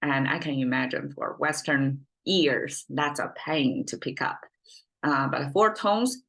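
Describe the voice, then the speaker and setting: A woman's voice: low-pitched, a little slow, vocal fry, a bit bright. A Chinese-born woman with a Chinese accent, a language teacher explaining her native tongue off the cuff, thinking aloud with frequent fillers and restarts. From China. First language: Mandarin Chinese. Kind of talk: unscripted explanatory lesson.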